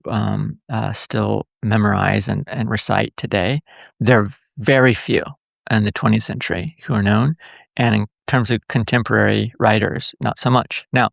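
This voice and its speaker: Gravelly-voiced professor talking fast and eager. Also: male voice, on the low side, no room sound, clean studio sound. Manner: enthusiastic, explanatory, many fillers and restarts. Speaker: guest professor. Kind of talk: podcast interview.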